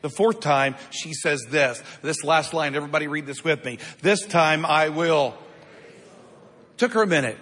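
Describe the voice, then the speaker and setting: Male pastor mid-sermon, husky tone, church-hall echo. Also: fairly high pitch, animated, brisk, hardly any pauses, a bit bright. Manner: preaching with call-and-response. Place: church sanctuary. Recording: long hall reverb.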